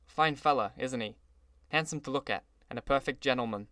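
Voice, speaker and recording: A brooding, sentimental old gangster , as a male narrator puts him on, lingers over his words at an unhurried pace. The voice sits at a middling pitch and sounds dry and close, with no room around it. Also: sharp tone, no room sound, natural voice. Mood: admiring.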